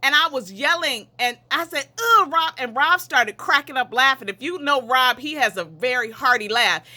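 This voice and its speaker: A woman's voice: sits high, animated, moderate pace, bright, forceful tone. A woman telling family stories in a casual, rambling way on a video call from home, often laughing and wandering off on side tracks. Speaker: relative sharing memories at a memorial. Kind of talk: casual storytelling.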